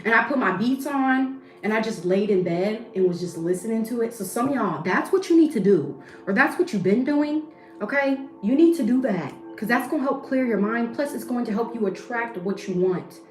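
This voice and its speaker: A woman's voice: a little high, lively intonation, normal speed. A woman giving a casual tarot reading to camera, blunt, slangy and profane. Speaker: tarot reader. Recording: echoey room with faint music.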